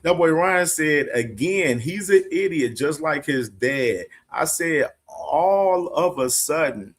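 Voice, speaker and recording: A man's voice: fairly high pitch, lively intonation, slow pace. A man hosting a boxing news show, casually commenting on clips, laughing often and swearing bluntly. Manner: laid-back, laughs a lot, blunt with profanity.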